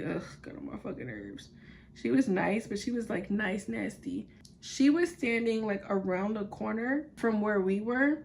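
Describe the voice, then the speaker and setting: A young woman vlogger tells a story in an animated, blunt way with lots of swearing. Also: mid-range voice. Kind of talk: casual storytime vlog.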